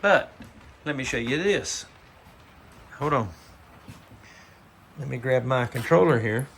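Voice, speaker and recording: A man's voice: mid-range voice, takes it slowly, vocal fry, a bit bright, a little hiss or hum. A man with a Southern US accent giving a rambling, folksy tour of his model railroad layout, filming it himself on a handheld phone. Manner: folksy and rambling, with fillers and 'but anyhow'. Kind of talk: casual layout tour video. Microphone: handheld phone camera while filming.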